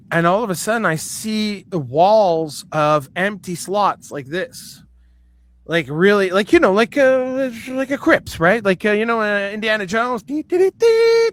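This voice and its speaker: A man telling a story in casual chat, animated and swearing freely. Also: fairly high pitch. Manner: animated, swears freely, acts out quoted voices. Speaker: guest.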